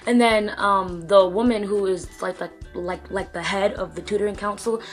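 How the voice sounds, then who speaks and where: A woman's voice: mid-range voice, fairly even intonation, normal speed, faint music behind. A teenage girl telling a story in a casual vlog, chatty with many fillers, acting out what people said. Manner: chatty, lots of fillers and quoted dialogue. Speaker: vlogger.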